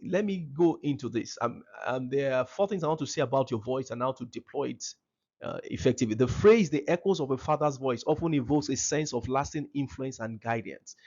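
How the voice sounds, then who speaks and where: A man's voice: a little high, darkish tone, dull audio. A man giving a seminar talk to parents, emphatic and repeating his key phrases.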